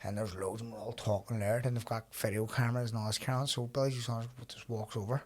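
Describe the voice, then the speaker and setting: A man, a podcast guest telling a story in casual chat, animated and acting out quotes, swearing freely. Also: mid-range voice, quick pace.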